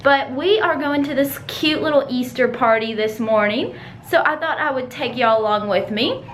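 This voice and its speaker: A woman's voice: high voice, moderate pace, fairly bright tone, a little hiss or hum. A young woman, chatting bubbly and directly to her viewers in a casual vlog. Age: young adult. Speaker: vlogger.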